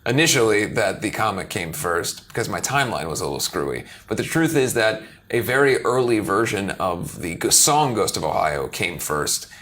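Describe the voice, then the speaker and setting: A man being interviewed as a musician guest, joking and self-deprecating, rambling with quick restarts. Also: fairly low pitch, lively intonation, fairly bright tone. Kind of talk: casual interview chat.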